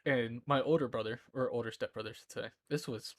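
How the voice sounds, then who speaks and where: A man's voice: medium pitch, fairly even intonation, fast, no echo. Giggly young man rambling on stream. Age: 20s. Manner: giggly, rambling, often breaks into laughter. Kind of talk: casual chat. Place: indoor room at home.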